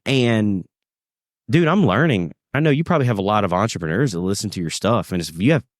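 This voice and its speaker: A man's voice: lowish voice, quick pace, dry recording, clean studio sound. A man, a podcast guest, telling stories in casual conversation and acting out what others said. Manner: animated storyteller, acts out quoted voices.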